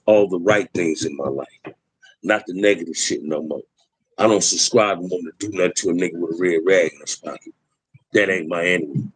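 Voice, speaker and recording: Husky man preaching with street emphasis. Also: lowish voice, dry recording, poor audio. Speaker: livestream host. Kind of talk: impassioned livestream talk.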